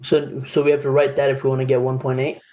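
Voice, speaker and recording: A student asking hesitant, halting questions in an online coding class. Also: medium pitch, monotone, dark tone. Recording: dull lo-fi call audio.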